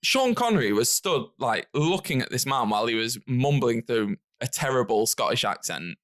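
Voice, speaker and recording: A man's voice: medium pitch, lively intonation, normal speed, fairly bright tone. A British man hosting a casual film podcast, laughing often and swearing freely. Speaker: podcast host. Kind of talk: casual chat.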